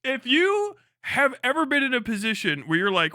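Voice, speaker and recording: An American man on a live stream, ranting with lots of swearing, swinging between shouting and muttering. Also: extremely high pitch, animated, measured pace, dry recording, clean studio sound. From United States. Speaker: livestreamer. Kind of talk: profane rant on a live stream.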